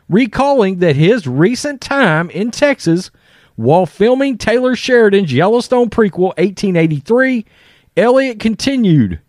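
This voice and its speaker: A man's voice: on the high side, big pitch swings, a little slow, a little mellow, dry recording, clean studio sound. A man giving blunt, profane, opinionated commentary on the news to his viewers.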